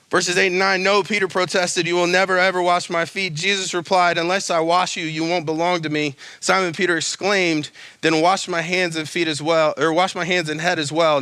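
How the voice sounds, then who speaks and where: A young man delivers a sermon in a bright, forceful voice that sits a little high for a man. His tone is casual and animated, full of slangy asides. The sound is close and dry, with no room echo. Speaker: pastor.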